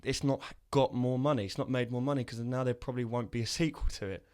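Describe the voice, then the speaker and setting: A man's voice: medium pitch, fast talker, darkish tone. Guy on a film podcast, medium voice, acts out movie lines while he tells them. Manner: retells film scenes, acting out the lines with laughs. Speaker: podcast co-host. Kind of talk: casual film review chat.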